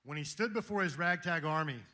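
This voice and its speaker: A man delivers a fervent speech to a live audience, full of rhetorical questions and calls to action. His voice sits fairly high and has a sharp, bright edge. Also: brisk. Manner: preaching, rhetorical, emphatic. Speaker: speaker at a Christian gathering.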